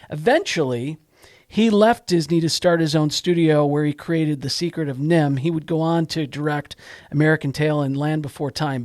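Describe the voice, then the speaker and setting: Male podcast co-host, somewhat high voice, dry close sound, chatty and fact-heavy. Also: no room sound. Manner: chatty, lists facts and dates. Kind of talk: casual chat about holiday films.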